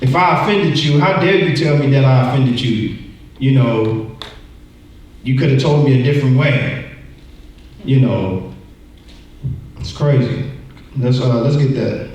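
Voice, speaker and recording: A man in his forties teaching a Bible lesson in an animated way, acting out quoted voices and repeating words. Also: medium pitch, slow, pauses often. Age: 40s. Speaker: church teacher. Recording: echoey room from far off.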